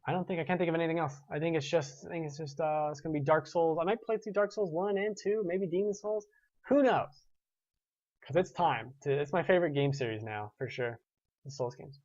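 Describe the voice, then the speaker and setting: A man's voice: on the high side, fairly quick, darkish tone, dry recording, lo-fi sound. A man in his twenties hosting a gaming show, chatting casually and rambling with restarts while reading viewer comments. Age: 20s.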